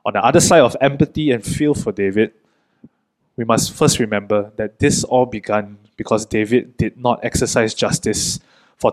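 A man preaching a sermon in an earnest, gentle way, pausing often between short phrases. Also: mid-range voice, rough recording.

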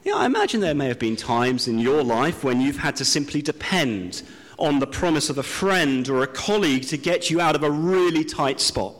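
A man from Britain preaching a sermon, telling a self-deprecating story with slow, drawn-out pauses. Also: fairly high pitch, very animated. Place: church hall. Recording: long hall reverb.

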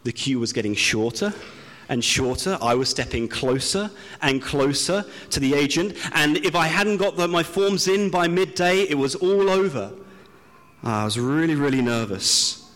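A man from Britain preaching a sermon, telling a self-deprecating story with slow, drawn-out pauses. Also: fairly high pitch, expressive, a bit bright. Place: church hall. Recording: long hall reverb.

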